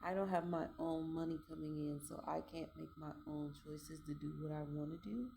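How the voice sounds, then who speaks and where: A woman talking frankly and reflectively to camera about her life, pausing with fillers as she works through her thoughts. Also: sits low, steady tone, gravelly, warm tone, a little hiss or hum. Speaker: vlogger. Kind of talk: candid personal monologue.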